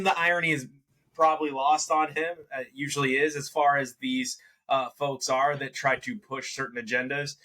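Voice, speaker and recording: A man co-hosting a casual movie review podcast, rambling and animated as he works through his opinions, often correcting himself mid-sentence. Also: fairly high pitch. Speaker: podcast co-host.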